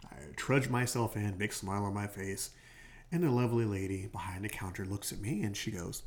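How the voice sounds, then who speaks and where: A podcast host with a lowish voice talks fairly quickly into a home podcast microphone. Late at night in a hotel room, he rambles through a story in a casual monologue, frequently pausing to correct himself.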